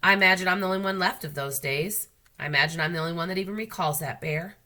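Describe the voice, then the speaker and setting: A woman's voice: lowish voice, quick pace, bright, forceful tone. A woman doing a genteel old lady librarian, drawling. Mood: wistful. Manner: drawling, emphatic, repeats "yes, ma'am". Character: genteel elderly woman librarian, chatty, proud storyteller.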